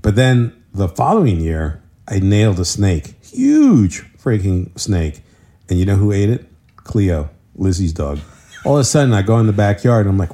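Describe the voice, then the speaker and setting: Deep, mellow married man telling yard stories. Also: very animated, moderate pace. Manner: rambling storyteller, jumps pitch for quoted voices. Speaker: podcast co-host. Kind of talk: casual chat.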